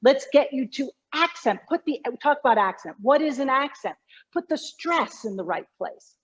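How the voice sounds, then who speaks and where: A woman's voice: high-pitched, lively intonation, moderate pace, slightly rough, muffled recording. A middle-aged woman, a communication coach, explaining her work animatedly in an interview, often restarting her sentences. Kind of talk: conversational interview.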